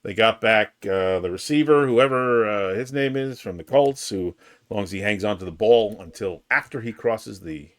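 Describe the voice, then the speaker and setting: A man co-hosting a sports podcast in casual chat, building his points step by step. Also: on the low side. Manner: measured, builds points in lists. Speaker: podcast co-host.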